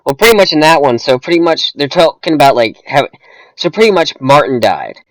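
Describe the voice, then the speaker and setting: A man's voice: a little high, very animated, brisk, a bit bright, dry recording, rough recording. A young man co-hosting a casual movie review chat, rambling with many fillers and restarts. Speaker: podcast co-host.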